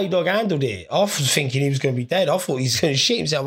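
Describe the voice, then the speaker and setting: A stoned man hosts his podcast in a loose, rambling monologue, swearing freely as he tells his stories. His voice sits a little high, with a gravelly, husky rasp. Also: lively intonation, rapid-fire, fairly bright tone. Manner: crude, sweary, rambling storyteller. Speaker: podcast host. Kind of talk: casual comedic monologue.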